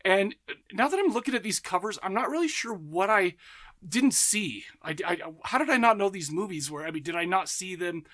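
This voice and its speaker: A man's voice: sits high, animated, fairly quick, fairly bright tone. A man hosting a horror movie podcast, talking casually and enthusiastically, rambling and correcting himself often. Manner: enthusiastic, rambling, self-interrupting; laughs and acts out voices in anecdotes. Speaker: podcast host. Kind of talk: casual monologue.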